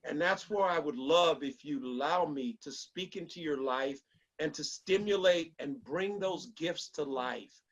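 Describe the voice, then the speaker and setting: A middle-aged man giving a motivational talk to a small group, an animated storyteller who acts out the lines he quotes. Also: on the high side, measured pace, low-quality recording. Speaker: motivational speaker.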